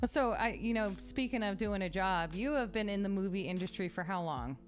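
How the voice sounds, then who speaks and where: A woman hosting a casual podcast chat, bubbly and quick to laugh, trailing into restarts. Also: mid-range voice, animated. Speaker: podcast host; opera soprano.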